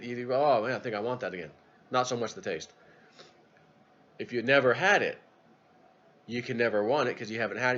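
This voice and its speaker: A man's voice: fairly bright tone, highs cut off. A man casually telling a rambling story as a YouTube vlogger. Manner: rambling, low-key.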